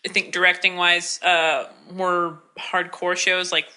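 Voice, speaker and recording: A woman co-hosting a podcast who talks in a loose, meandering way with frequent restarts. Her voice is extremely bright and forward. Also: lowish voice, a little slow. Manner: relaxed, rambling, with restarts. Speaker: voice director and co-host. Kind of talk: casual podcast chat.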